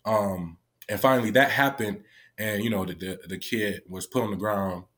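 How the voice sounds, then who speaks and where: Speaking at a normal speed in a fairly low, slightly bright voice, this man who works with young people spins a casual yarn. He swears a lot and keeps dropping "like" as a filler.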